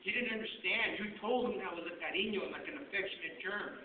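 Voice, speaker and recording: Man storyteller, high pitched, animated, heard from far off in an echoey hall. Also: fast talker. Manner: animated, mixing in Spanish slang. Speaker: guest speaker telling stories. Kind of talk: humorous personal storytelling. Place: school hall. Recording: far-off, echoey, tinny with noise.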